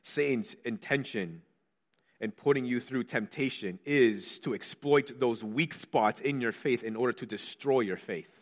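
A man's voice: medium pitch, unhurried. Preacher man with a muffled sound. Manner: rising to fervent rhetorical questions, dropping to hushed quotes. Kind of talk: sermon.

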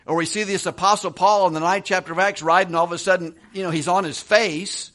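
Middle-aged man preaching a conversational sermon, slightly high voice, chuckles, restarts his phrases. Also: fairly even intonation, quick pace, a bit bright. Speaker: pastor.

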